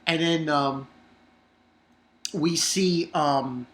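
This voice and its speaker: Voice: mid-range voice, drawn-out words. An anime reviewer recapping an episode in a rambling, casual way, swearing and using lots of fillers. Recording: roomy echo.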